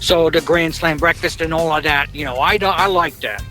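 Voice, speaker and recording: A middle-aged man, calling in to a podcast with a rambling, jokey, deadpan message. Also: a little high, normal speed, soft background music. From New Jersey. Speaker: caller. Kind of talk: phoned-in voicemail monologue.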